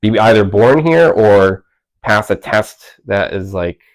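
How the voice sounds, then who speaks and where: A man in his thirties, an author appearing as a guest at a library event, talks casually in a lowish, expressive voice at a slow pace. He rambles, full of filler words and restarts, and the audio quality is poor.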